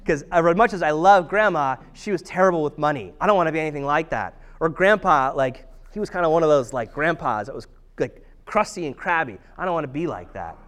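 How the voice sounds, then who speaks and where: A man's voice: on the high side, animated, brisk, hardly any pauses, fairly bright tone. A man in his thirties giving a conversational sermon, telling family stories with self-deprecating humor.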